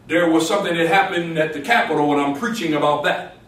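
A man's voice: fairly high pitch, fast talker, a bit bright. A man preaching a sermon in church, quoting scripture and building to emphatic exclamations with call-and-response. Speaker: pastor. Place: church sanctuary. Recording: echoey church room from a distance.

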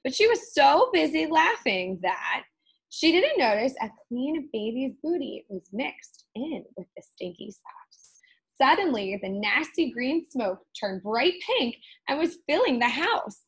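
Expressive woman reading a storybook aloud. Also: sits high, unhurried, breathy edge, rough recording. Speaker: teacher. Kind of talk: reading a picture book aloud.

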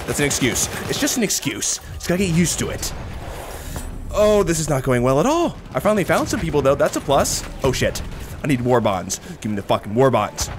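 A young man giving jokey, profane commentary while playing a shooter game, swinging between yells and mutters. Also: sits high, sing-song, fairly quick. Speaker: gaming video host. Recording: game gunfire loud under voice. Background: gunfire and battle noise from the game.

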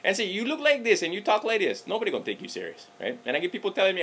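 Bright-voiced man in Hawaiian Pidgin. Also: sits high, very fast, slightly rough. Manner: animated, joking, swears freely. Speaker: political vlogger. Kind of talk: casual rant to camera.

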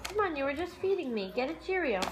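A woman's voice: sits high, big pitch swings, fast talker, heavy background noise. A mother filming her baby on a phone camera, talking in cooing, sing-song baby talk with small gasps.

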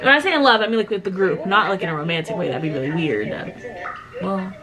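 A woman's voice: fairly low pitch, fast. A woman hosting a reaction video, gushing and exclaiming as she talks to her viewers in casual chat. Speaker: YouTube reaction host. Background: music from the video being watched.

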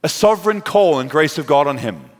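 In a large church hall with long, echoing reverb, a pastor preaches a sermon, dramatically telling a story and acting out its characters. His voice sits on the high side, expressive, brisk, and a little mellow.

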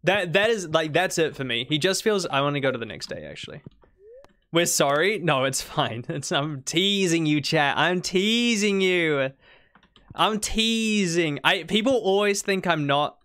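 A woman's voice: low voice, expressive, unhurried, a bit bright. A young woman from New Zealand with a mild Kiwi accent, chatting casually and teasing her chat while streaming a farming game. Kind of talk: casual gaming livestream chat.

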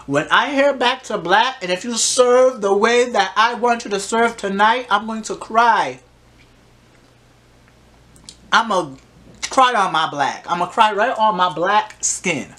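A woman's voice: medium pitch, unhurried, a bit bright. Sassy woman talking back at the TV. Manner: sassy, talks back to the screen. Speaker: reaction vlogger. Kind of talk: casual reaction commentary.

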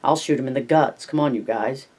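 A reader voicing a hot-tempered young ranch man who shouts furiously in an audiobook reading. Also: mid-range voice, brisk, slightly rough, lightly acted.

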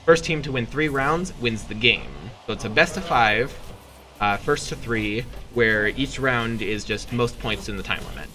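A teenage boy commentating a school esports match, joking around and bursting into loud excited yells. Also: medium pitch, normal speed. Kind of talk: casual play-by-play commentary.

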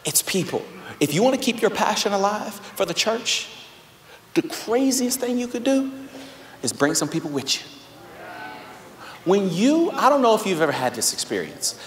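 Young guy preaching, high voice, goes from loud to soft and hushed, big echoey church hall. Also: very animated, normal speed, long pauses, slight background noise. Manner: swings from loud exhortation to hushed, soft storytelling. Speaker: pastor. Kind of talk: sermon. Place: large church auditorium. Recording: live sermon with echoey hall.

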